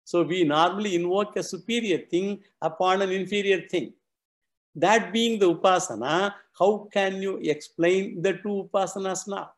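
A man's voice: high voice, moderate pace. A man teaching a scripture class, patiently explaining and repeating key phrases for emphasis.

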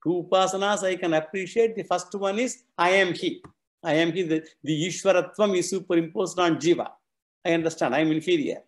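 A man's voice: high voice, a little fast. A man teaching a scripture class, patiently explaining and repeating key phrases for emphasis.

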